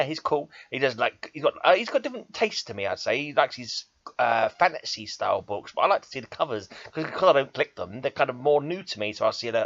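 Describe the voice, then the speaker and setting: A man's voice: medium pitch, fairly bright tone. A man talking casually about comics in a rambling, self-mocking way. He laughs at himself often and speaks in a medium voice. The recording is dull and muffled, with a close, dry sound and no room echo. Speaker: comic book vlogger and metal podcaster.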